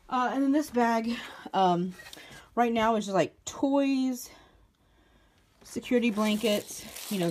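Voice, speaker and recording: A woman's voice: on the low side, a little hiss or hum. Breathless pregnant woman chatting at home. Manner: chatty, halting with many fillers. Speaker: vlogger. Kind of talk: casual vlog chat. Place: nursery at home, indoors. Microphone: phone held while walking.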